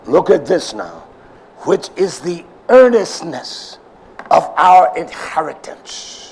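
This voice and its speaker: Gravelly older man preaching. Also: a little high, very animated, slow, low-quality recording. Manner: preaching with swings from loud emphasis to near whispers. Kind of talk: sermon.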